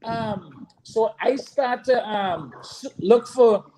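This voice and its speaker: A man being interviewed about making a song, animated and repetitive, who sometimes breaks into sung hooks. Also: high-pitched, takes it slowly, a little hiss or hum, rough recording. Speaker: guest musician. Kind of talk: storytelling interview.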